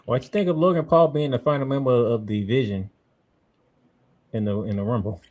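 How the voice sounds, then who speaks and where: A man co-hosting a casual wrestling podcast, easygoing and quick to laugh as he asks questions. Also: mid-range voice, steady tone, a little mellow. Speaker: podcast co-host.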